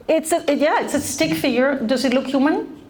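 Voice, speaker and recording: A middle-aged woman gives a lively talk to a room of college students, often stopping to put questions to them. Her voice sits a little high, and a faint hum of room noise runs behind it. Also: moderate pace. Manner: animated, asks the audience questions. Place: lecture room.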